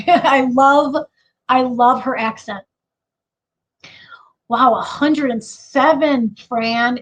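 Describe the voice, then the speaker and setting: A woman's voice: high voice, poor audio. A woman with a Chicago accent hosting a casual livestream chat, laughing often and stopping to restart with lots of fillers. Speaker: livestream host.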